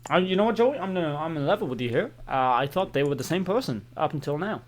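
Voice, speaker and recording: Animated young man, rambling comedy chat. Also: fairly high pitch, fast. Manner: animated, rambling, stumbling restarts. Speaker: podcast co-host. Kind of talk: satirical comedy chat as a film bro.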